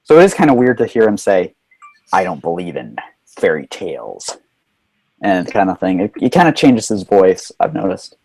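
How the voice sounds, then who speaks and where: A man's voice: deep voice, sing-song, normal speed, darkish tone, slightly rough, dry recording, poor audio. A man hosting a casual live-stream movie chat with his brother, talking loosely with many fillers and restarts. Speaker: host.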